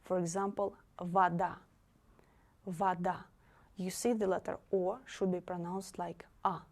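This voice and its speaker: A woman with a Russian accent teaching a language lesson, explaining carefully and repeating example words slowly. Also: on the low side, steady tone, gravelly, dark tone.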